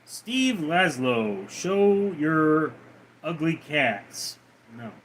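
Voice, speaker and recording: A man on a casual livestream, going through viewer comments one by one and answering them with teasing, crude jokes. His voice sits a bit high for a man and swings widely in pitch, but he takes his time and speaks slowly. A faint hum of ambient noise sits underneath him. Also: big pitch swings, fairly bright tone. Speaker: livestream host.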